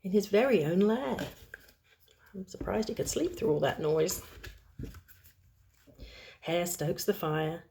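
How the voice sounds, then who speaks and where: A young woman host reading a children's storybook aloud with gentle, chatty asides to the kids. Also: lowish voice, expressive, slow, gravelly, long pauses, slight background noise.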